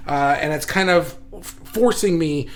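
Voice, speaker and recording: A man hosting a casual live stream, reading viewer comments aloud and thinking out loud with many restarts, recorded indoors under studio lights. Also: on the high side, unhurried. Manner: rambling, self-correcting, reflective. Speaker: livestream host. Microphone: facing camera, reading viewer comments.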